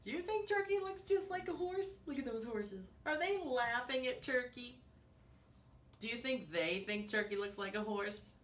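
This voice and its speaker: A woman's voice: on the high side, expressive, normal speed, a bit bright. A woman teacher reading a picture book aloud to young children, asking them questions and dropping into whispers. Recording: echoey room, distant mic, faint hiss.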